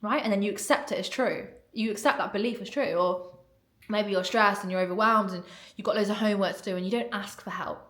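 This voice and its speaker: A woman talking casually as a mindset coach, animated and blunt, swearing now and then and acting out inner voices. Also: medium pitch, fast. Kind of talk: casual solo podcast talk. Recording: roomy echo.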